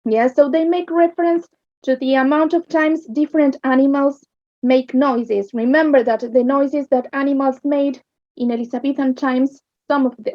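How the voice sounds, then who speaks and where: A woman with an Argentine accent teaching English literature, explaining slowly and checking understanding with "yes?". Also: high voice, mellow, no room sound. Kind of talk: recorded online lesson. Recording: dull lo-fi sound.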